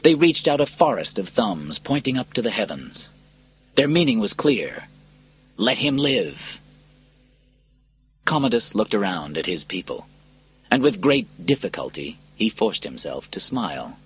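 Man, story narrator, husky, lively dramatic reading, scripted. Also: lowish voice, moderate pace, faint music behind.

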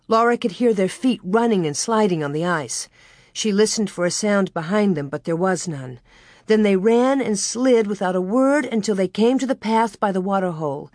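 A woman reading a children's story aloud in a slow, gentle narration. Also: mid-range voice, animated, no room sound, clean studio sound. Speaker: reader.

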